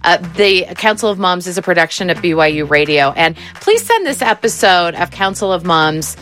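A woman's voice: on the low side, big pitch swings, moderate pace, a bit bright. A woman hosting a radio talk show, affirming and chatty as she wraps up the conversation. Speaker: podcast host.

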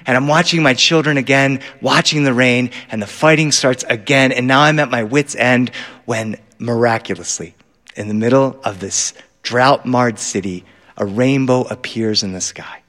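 A man performing a personal family story on stage, animated, acting out his own dialogue. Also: medium pitch, normal speed, long reverb tail.

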